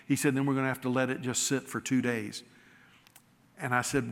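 A man's voice: medium pitch, flat delivery, fairly quick, big-room sound. Folksy man telling a sermon story. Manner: folksy, self-deprecating storytelling with quoted dialogue. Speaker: pastor.

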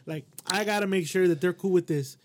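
A man with a high voice co-hosts a casual podcast and fires off quick teasing questions. He talks fast and jokes around, egging on the stories. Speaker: podcast co-host.

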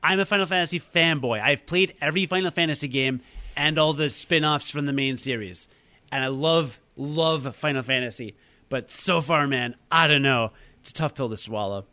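A man's voice: fairly high pitch, normal speed, sharp tone, no room sound. A young man hosting a podcast in casual chat, talkative and self-deprecating, laughing often. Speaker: podcast host.

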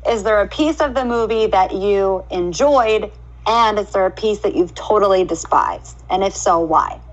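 A woman interviewing guests in a casual chat, asking measured questions over lo-fi remote audio. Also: mid-range voice.

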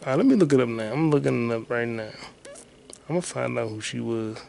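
A man's voice: medium pitch, quick pace, vocal fry, darkish tone, a little hiss or hum. A man hosting his own podcast solo, rambling casually and profanely while muttering to himself as he searches online. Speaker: podcast host.

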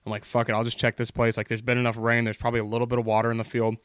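Male guest, relaxed and profane, smooth tone, dry close sound. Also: mid-range voice, racing, no echo. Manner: relaxed, profane, laid-back. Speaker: podcast guest. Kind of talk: casual storytelling chat.

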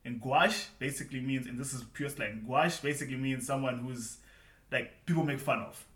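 A man from Zimbabwe co-hosting a casual podcast, energetic and upbeat, laughing often. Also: medium pitch, normal speed, reverberant. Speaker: podcast co-host.

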